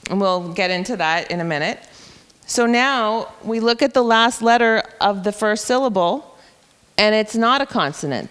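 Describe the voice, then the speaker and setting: A woman's voice: mid-range voice, fairly bright tone, clear, resonant tone, in a large hall. A woman teacher patiently explaining reading rules to educators, step by step.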